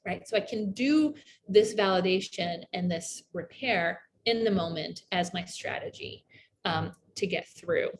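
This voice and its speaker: A woman's voice: fairly low pitch, a little slow, a little hiss or hum. A woman presenting a workshop lecture, talking loosely with many fillers and checking in with "right?". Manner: filler-heavy, tags points with "right?"; acts out example phrases in a softer voice. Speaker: workshop presenter on family skills.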